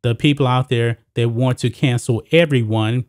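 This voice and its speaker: A man's voice: mid-range voice, fairly even intonation, normal speed, a little mellow, no echo, clean studio sound. A man hosting a solo sports commentary show, talking casually to his viewers as guys and folks.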